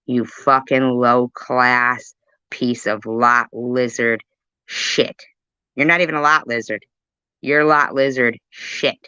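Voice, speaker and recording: A furious woman rants on a livestream, hurling profane insults as she reads the chat. Her voice is bright and forceful, and the recording sounds dull and lo-fi. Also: a bass voice, fairly even intonation, slow pace, clear, resonant tone, no echo. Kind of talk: angry livestream rant.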